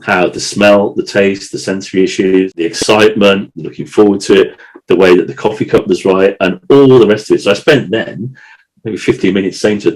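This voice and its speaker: A man's voice: fairly low pitch, fairly quick, poor audio. A man co-hosting a podcast, talking in an emotional, rambling way with many restarts and repeated words. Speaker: podcast co-host. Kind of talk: casual chat.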